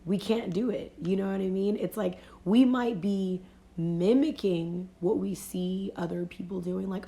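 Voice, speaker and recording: A woman's voice: medium pitch, fairly even intonation, a little slow, warm tone. A woman life coach giving a casual motivational talk on a phone livestream, speaking reflectively and often saying "you know".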